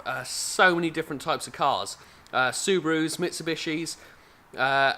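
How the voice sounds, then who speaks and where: A man's voice: a little high, pushed and bright, a little hiss or hum. A man with an English accent, hosting a car channel and talking casually to camera with many filler sounds and restarts.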